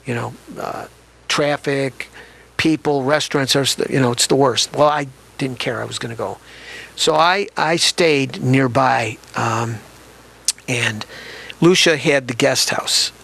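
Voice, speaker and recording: Reminiscing in an interview, an older male author shares stories from earlier in his life with a reflective, conversational manner, often restarting sentences. His voice sits at medium pitch and sounds creaky and bright, with a forceful tone and an unhurried pace.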